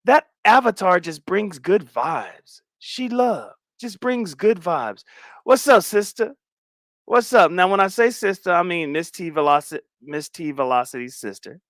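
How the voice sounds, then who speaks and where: Animated slangy man chatting on livestream. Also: high-pitched, a little slow, dry recording, studio quality. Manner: animated, swings between loud and mumbled asides; slangy, repeats phrases. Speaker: livestream host. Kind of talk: casual livestream chat.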